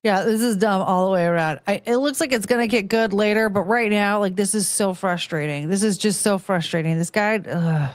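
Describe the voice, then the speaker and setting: A woman's voice: mid-range voice, a little fast, few pauses, no echo. A woman hosting a reaction video, commenting in an exasperated, incredulous way.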